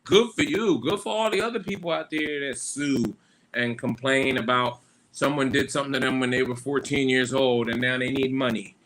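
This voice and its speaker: A man's voice: medium pitch, normal speed, background noise. A man hosting a live podcast stream, telling casual, profane stories full of fillers and asides. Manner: loose, profane storytelling with lots of fillers. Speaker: podcast host.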